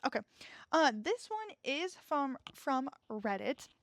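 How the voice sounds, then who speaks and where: A young woman with a slightly high voice hosts a solo podcast and talks straight to her listeners. Her delivery is earnest and reassuring, loose and chatty, and she keeps checking in with a soft "okay?". The sound is dry and close, with no room around her. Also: sing-song, takes it slowly, no echo. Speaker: podcast host.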